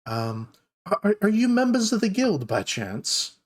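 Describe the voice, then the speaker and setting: A man putting on a high chirpy young dwarf girl. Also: big pitch swings, exaggerated voice. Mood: eager, friendly. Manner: bubbly, quick sales patter. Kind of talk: tabletop game voice acting.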